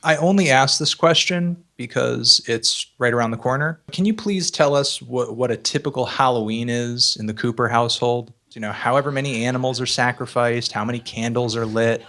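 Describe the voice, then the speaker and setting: A man's voice: mid-range voice, moderate pace, few pauses, fairly bright tone. A man hosting an interview over a video call, asking questions casually with some hesitation. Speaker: host.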